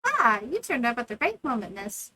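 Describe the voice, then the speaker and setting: A grumbling old hermit man who lives off scraps , put on by a woman reading game lines aloud. He talks slowly and sounds put-upon and gruff. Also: a little high, very animated, sharp tone, slight background noise, rough recording.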